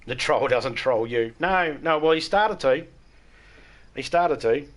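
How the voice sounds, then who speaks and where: A man's voice: medium pitch, expressive, takes it slowly. An Australian man chatting casually with his chat viewers during a live gaming stream, blunt and frank, swearing freely and laughing at his own jokes.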